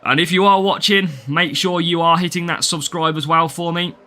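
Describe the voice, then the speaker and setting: Bright-voiced English man streaming a game. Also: a little high, fairly even intonation, moderate pace. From England. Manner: chatty, greets viewers by name, laughs often. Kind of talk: live gameplay stream, reading chat.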